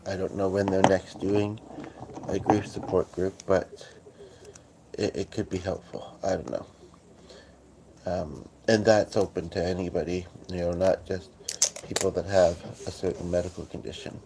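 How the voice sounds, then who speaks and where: Groggy deep-voiced man rambling on a livestream. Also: fairly even intonation, creaky, noisy background. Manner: halting, many fillers and restarts. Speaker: livestream host. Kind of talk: casual rambling livestream chat. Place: at home on a couch.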